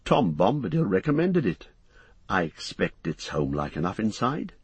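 A man reading the part of a calm, reasonable young male hobbit in a storybook reading, in a husky, matter-of-fact voice a little above his own. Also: low-pitched, moderate pace, no room sound, heavily acted. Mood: reassuring.

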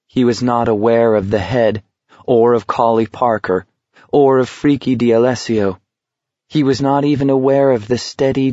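A man narrating an audiobook in a measured, steady reading voice. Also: fairly low pitch, no echo. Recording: dull lo-fi recording.

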